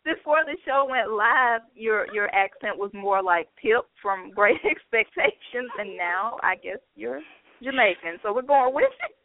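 A woman hosts an internet radio show, chatting in a friendly way with her co-host and laughing easily. Her fairly high voice is expressive and measured, coming through a dry recording over a tinny phone line.

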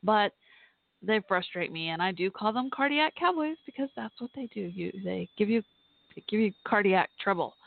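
A woman's voice: mid-range voice, no room sound. A chatty woman hosts a casual live podcast, laughing often and talking back at a football game. Her voice comes through a tinny, phone-like line. The sound is dry and close. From Texas. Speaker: podcast host. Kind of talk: casual live-stream chat.

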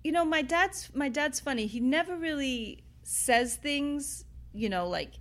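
A woman's voice: high voice, lively intonation, unhurried. Rambling New woman telling bar stories. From New York City. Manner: rambling, full of "you know" and "like", laughs while telling stories. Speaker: bar owner, interview guest. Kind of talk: casual interview chat. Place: inside an old bar.

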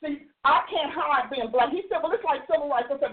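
A woman in her sixties speaks in a high voice at a slightly fast clip, telling a story and arguing her point emphatically like a host preaching to her audience. It's animated opinion talk, and the recording has a tinny, phone-like sound.

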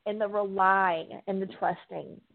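Over a tinny phone line, a recovery coach appearing as a guest in a faith-based interview preaches earnestly and repeats phrases to drive points home. Her mid-range voice is creaky, fairly even in intonation, and a little slow.

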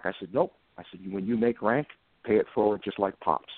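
A man in his fifties with a lowish voice tells stories in a plain, earnest way. He sounds tinny and phone-like. The sound is dry, with no room echo. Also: animated, a little fast. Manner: earnest, plain-spoken, emotional when recalling events. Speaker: police officer guest. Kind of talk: anecdotal storytelling in conversation.

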